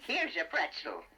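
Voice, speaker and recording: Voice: high voice, slight background noise, full character voice, poor audio. A performer voicing a fussy, kindly older male inventor who stammers and giggles, speaking formally in a storybook cassette. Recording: loud music bed.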